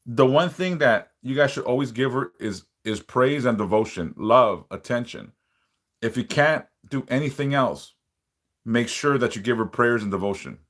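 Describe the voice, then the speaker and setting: A man talking straight to his viewers on a livestream, blunt and profane. He greets chatters and warns them in a plain, mid-pitched voice. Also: animated, moderate pace, fairly bright tone. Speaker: livestream host, spiritual worker. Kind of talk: casual livestream chat reading comments.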